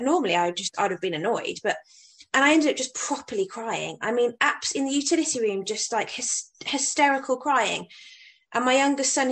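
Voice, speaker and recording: A woman in her thirties from England talks candidly in a relaxed conversation, often restarting her sentences. Her voice sits fairly high. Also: low-quality recording. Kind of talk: casual conversation.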